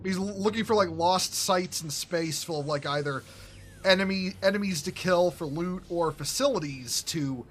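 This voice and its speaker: A man giving casual, rambling commentary while playing a game, excitable and swearing, often restarting his sentences. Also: high-pitched, normal speed, slight background noise. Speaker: gaming streamer.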